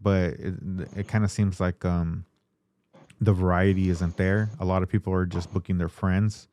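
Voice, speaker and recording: A man hosting a podcast, chatting casually in a relaxed way with lots of fillers. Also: deep voice, normal speed. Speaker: podcast host. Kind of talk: casual chat.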